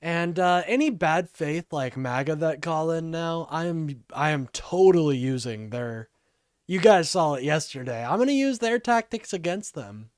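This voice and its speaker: A man hosting a casual political livestream with call-ins, talking haltingly and apologizing often. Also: on the high side, expressive, no room sound, studio quality.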